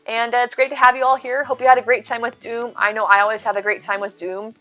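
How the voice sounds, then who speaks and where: A woman livestreaming from home, chatting with her viewers in an excitable, over-the-top way. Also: fairly high pitch, fast, dull audio. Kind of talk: casual live game stream chat.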